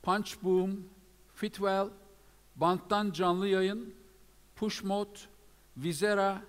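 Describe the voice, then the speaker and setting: A man's voice: high-pitched, steady tone, very slow. Man presenting awards in a reverberant hall. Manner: reads lists of names with frequent fillers. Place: event hall.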